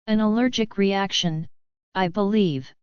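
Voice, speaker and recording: A woman voicing a poised young noblewoman who speaks with calm courtesy. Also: mid-range voice, unhurried, clear, resonant tone, no room sound, lo-fi sound, close to an everyday voice. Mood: composed.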